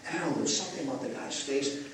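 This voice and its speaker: An older man teaching breathing to a live audience, animated as he guides them through each breath. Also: medium pitch, racing, a little hiss or hum. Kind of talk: live workshop talk to an audience. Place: live event venue. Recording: echoey event space, mic from far off.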